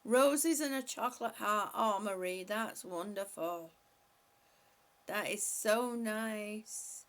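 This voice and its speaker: A woman's voice: medium pitch, takes it slowly. A woman reading viewer comments aloud on a live stream and answering them in a chatty way, laughing often. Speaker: vlogger reading live chat. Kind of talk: casual live-stream chat.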